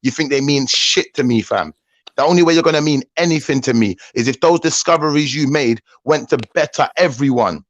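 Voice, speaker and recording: A man, ranting and swearing through a heated panel discussion. His voice sits at an ordinary middle pitch. He keeps repeating himself to hammer each point home. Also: a little fast, no room sound. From Jamaican heritage, raised in UK. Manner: angry, ranting, swears freely. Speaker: panel host.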